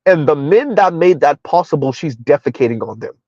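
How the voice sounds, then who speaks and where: A middle-aged man hosting a commentary channel rambles through casual live-stream talk, full of fillers and short laughs. He sounds a bit high-pitched yet darkish in tone, with lively intonation at a fairly quick pace. The recording is dull, lo-fi, dry and close.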